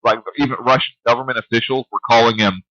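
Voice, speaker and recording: A man's voice: mid-range voice, steady tone, fast talker, pushed and bright, no room sound, dull audio. A man co-hosting a late-night radio talk show, chatting and teasing his partner in casual banter.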